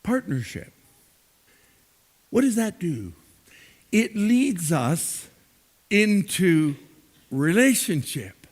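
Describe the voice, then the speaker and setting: A man preaching a sermon as pastor, slow and emphatic, repeating words for stress. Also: high voice.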